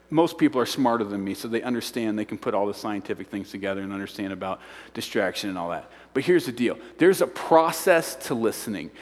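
A man preaching a sermon, telling stories in an animated, self-mocking way. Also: mid-range voice. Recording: long hall reverb.

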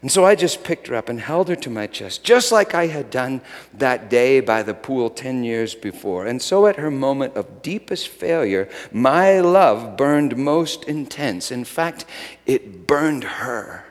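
A middle-aged man preaching a sermon, moving between loud shouted lines and quiet whispers. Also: mid-range voice, lively intonation, measured pace. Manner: dramatic swings from shouting to hushed whispers. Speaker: pastor. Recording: long hall reverb.

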